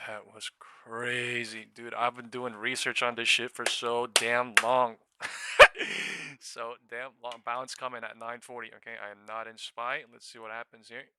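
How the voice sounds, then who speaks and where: A young man hosting a live stock trading stream, swearing freely and breaking into shouts and laughter between quick market calls on a new studio mic. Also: mid-range voice, monotone, slight background noise. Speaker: day-trading livestream host. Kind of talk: excited live trading commentary.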